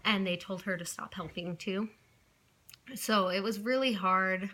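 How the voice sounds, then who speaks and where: A woman's voice: mid-range voice, steady tone, unhurried, pushed and bright. A woman in her twenties telling a personal story to camera in a casual, rambling way, often apologizing and backtracking. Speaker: vlogger.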